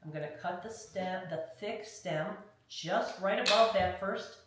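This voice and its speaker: A woman's voice: lowish voice, a little slow, a bit bright. Woman teaching a craft in an echoey room. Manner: chatty, step-by-step, checks in with "okay?". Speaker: craft instructor. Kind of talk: hands-on craft tutorial. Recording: very echoey room, mic far off, faint noise.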